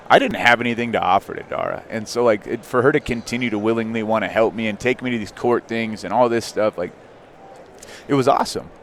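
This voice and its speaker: A man in his thirties tells a personal story on a podcast, candid and animated, with plenty of fillers. His pitch sits in an ordinary middle range, and a faint hiss of noise runs under the voice. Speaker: podcast guest. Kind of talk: casual storytelling.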